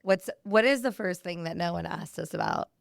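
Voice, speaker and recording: A woman co-hosting a podcast, trading quick teasing banter in casual chat. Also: on the low side, vocal fry, no echo, clean studio sound. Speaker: podcast co-host. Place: Houston area.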